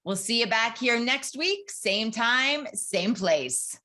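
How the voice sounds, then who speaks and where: A middle-aged woman co-hosting a podcast, with a bright, clear tone. She talks in a relaxed, casual way and tells her stories with a ready laugh. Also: fairly high pitch, takes it slowly. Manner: storytelling, laughs often. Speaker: podcast co-host. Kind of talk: casual chat.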